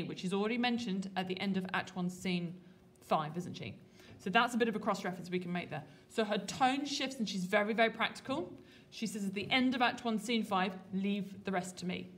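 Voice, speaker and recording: A woman teaching a literature lesson to a classroom, lively and colloquial, putting questions to her students. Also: mid-range voice. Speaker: English teacher.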